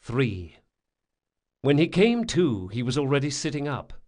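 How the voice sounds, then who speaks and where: Male narrator, audiobook reading, dramatic, lively pitch, mid voice. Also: unhurried.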